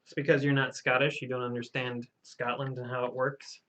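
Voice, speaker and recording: A man playing a deadpan, mysterious drinker in a coat, hosting live comedic banter. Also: medium pitch, a little fast, close to an everyday voice. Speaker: host.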